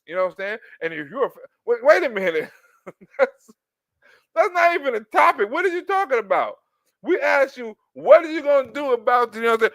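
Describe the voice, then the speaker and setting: A man giving loud, profane reaction commentary, laughing and mimicking a politician as he talks. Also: very high-pitched, quick pace, no room sound. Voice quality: animated, profane, laughing while talking. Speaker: commentary YouTuber.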